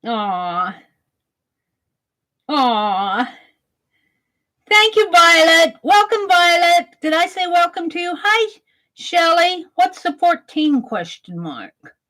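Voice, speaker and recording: Slow-talking woman sketching on a live stream. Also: extremely high pitch, very animated, sharp tone, low-quality recording. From Wisconsin. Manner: chatty, reads chat aloud while sketching. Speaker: art streamer. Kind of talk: live-stream art chat.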